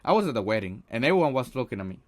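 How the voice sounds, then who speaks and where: A man's voice: mid-range voice, very animated, racing. A man giving a casual motivational talk on social anxiety, earnest, with many restarts and a habit of asking "right?". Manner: earnest, repeats words, tags lines with "right?"; acts out a harsh inner critic in quoted asides.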